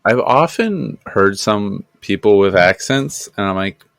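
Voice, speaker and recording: A man's voice: on the low side, lively intonation, unhurried, creaky, a bit bright, dry recording. A man co-hosting a podcast, chatting casually with short, dry wisecracks. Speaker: podcast co-host. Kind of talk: casual chat.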